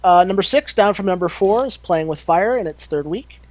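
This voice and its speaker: A man's voice: high voice, expressive, brisk, darkish tone, no echo. A man co-hosting a podcast in easygoing casual chat, reading out box office rankings. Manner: easygoing, reads figures out.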